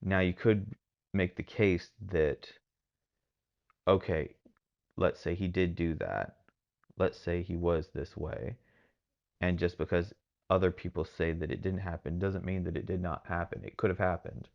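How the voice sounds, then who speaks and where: A man with a very low voice and a gravelly, fry-heavy edge talks through a solo podcast in a rambling, casual way. He is from Texas and hedges constantly with fillers. The recording sounds a little muffled and dull. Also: measured pace. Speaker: podcast host.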